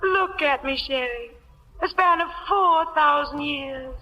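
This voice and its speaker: A woman playing a vain, glamorous stage actress in a vintage radio drama, with an affected, breathy delivery. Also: high voice, slow pace, highs cut off. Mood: dramatic, wistful. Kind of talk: 1940s radio acting. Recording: old radio broadcast with faint hiss.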